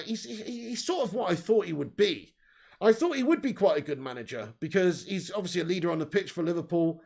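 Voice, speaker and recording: A man's voice: high-pitched, a little fast, gravelly. A man hosting a live fan stream, reading viewer comments in loose, sweary casual chat. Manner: loose, sweary, laughs often. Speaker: fan channel host.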